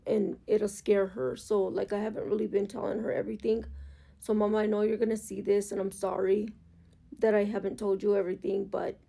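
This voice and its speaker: A woman's voice: mid-range voice, gravelly, mellow, husky. A woman talking in a candid, emotional, rambling vlog monologue about her own life, recorded at home. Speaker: motorcycle vlogger.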